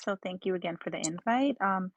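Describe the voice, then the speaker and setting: A woman calling into an online meeting from her phone, explaining her school in a polite, measured way. Her voice sits mid-pitched and the sound is dry and close. At times she sounds a little unsure of her details. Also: dry recording, low-quality recording. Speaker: school founder and head. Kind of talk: answering questions at a meeting. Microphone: phone on a video call.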